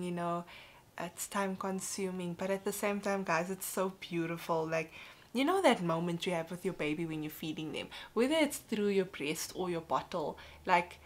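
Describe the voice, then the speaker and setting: A woman's voice: fairly low pitch, fairly bright tone. A young woman talking candidly to camera in a casual personal vlog, chatty and full of "like" and "you know". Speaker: vlogger.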